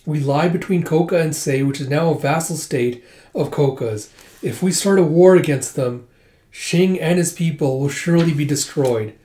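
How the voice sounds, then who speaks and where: A man's voice: on the high side, normal speed, dark tone. A man reading through a comic casually, retelling the dialogue with "it's like" and an occasional chuckle. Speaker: manga reader. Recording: echoey room.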